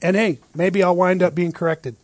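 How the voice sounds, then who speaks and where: A man teaching a Bible study, lively and full of rhetorical questions, often checking in with "right?". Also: high voice, normal speed, no echo.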